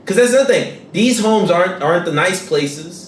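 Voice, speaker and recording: A higher-voiced man in casual podcast banter, arguing his point and joking with a lively, bouncing pitch. He sounds set back from the microphone in an echoey room. Faint ambience sits under his voice. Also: moderate pace, far from the mic, slight background noise. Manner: argumentative, insistent, joking. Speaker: podcast co-host. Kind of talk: casual chat.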